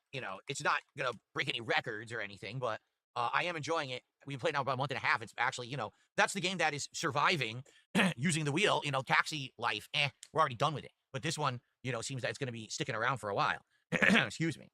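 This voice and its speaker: Brief: male streamer, quick and sharp-toned, profane rambling thank-yous, dry close desktop mic. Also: medium pitch, animated, dry recording. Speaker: livestreamer. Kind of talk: casual stream chat reading donations. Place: his home streaming room. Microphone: desktop USB mic.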